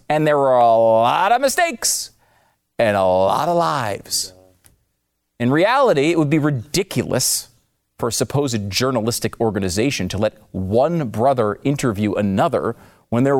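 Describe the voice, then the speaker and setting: A man hosting scripted political commentary, sarcastic and mocking with emphatic swings in delivery. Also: fairly high pitch.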